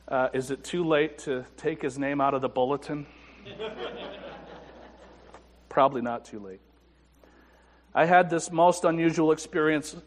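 Male pastor, higher-pitched voice, personal-story sermon, church sanctuary with long reverb. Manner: personal storytelling with self-deprecating humor and hushed reflective moments.

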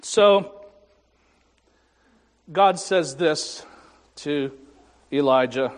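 Pastor, male, high and unhurried; wry, self-mocking sermon delivery with pauses, long church reverb. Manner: slow and deliberate, with dramatic pauses; wry, self-deprecating humor. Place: church sanctuary. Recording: echoey sanctuary reverb.

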